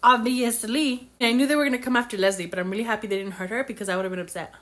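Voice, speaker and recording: A woman's voice: a little high, fairly even intonation, racing, a bit bright. A young woman chatting casually as she recaps a novel for her book club, gushing and acting out characters' lines.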